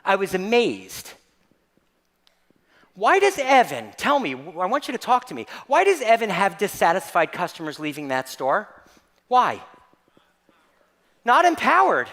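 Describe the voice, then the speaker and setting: Man doing a keynote, super high bright voice, playful and mock-outraged, big echoey hall. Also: huge pitch swings, measured pace, long pauses. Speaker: keynote speaker. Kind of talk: comic storytelling talk. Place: large hall. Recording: long reverb of a large hall.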